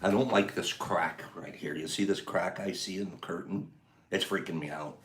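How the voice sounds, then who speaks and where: A man's voice: low-pitched, normal speed. A man hosting a casual live stream with a scratchy voice, greeting viewers, joking and breaking into laughter. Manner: animated, bursts of laughter and loud exclamations.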